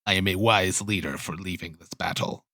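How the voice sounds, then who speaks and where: A man's voice: deep voice, steady tone, brisk, sharp tone, dry recording, studio quality, pitched below the performer's own voice. A man voicing a pragmatic lizardfolk king who speaks formally and justifies himself in a tabletop game. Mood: haughty. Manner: formal, self-justifying speech.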